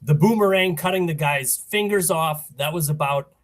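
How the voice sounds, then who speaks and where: A man chatting casually as a podcast guest, telling stories in a relaxed way. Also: on the high side, moderate pace. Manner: relaxed, storytelling. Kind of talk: casual chat.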